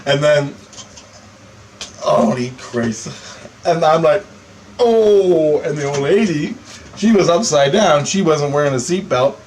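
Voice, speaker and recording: A man's voice: fairly high pitch, moderate pace, a little hiss or hum, rough recording. Man telling a wild story, swearing. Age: adult. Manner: animated, profane, laughing between lines. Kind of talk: casual storytelling monologue.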